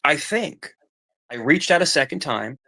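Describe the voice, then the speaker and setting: A man's voice: on the high side, lively intonation, a little slow, creaky, pushed and bright. A middle-aged man in casual chat, rambling and repeating himself as he tells family stories. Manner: rambling, repeats himself, acts out quoted voices. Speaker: podcast guest telling family stories.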